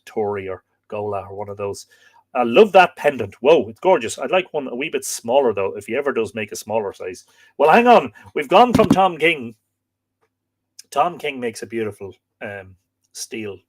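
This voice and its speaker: A man's voice: medium pitch, no room sound. A man with an Irish accent hosting a casual live stream, playfully reading out and answering viewer comments. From Ireland.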